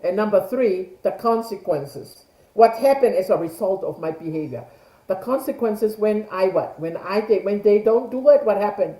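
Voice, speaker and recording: A woman's voice: mid-range voice, expressive, normal speed, dark tone, roomy sound, low-quality recording. Woman teaching over video call. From Tonga. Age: middle-aged. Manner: rhetorical questions, then answers them. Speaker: class leader. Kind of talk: online class talk. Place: home room on a video call. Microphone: video call mic.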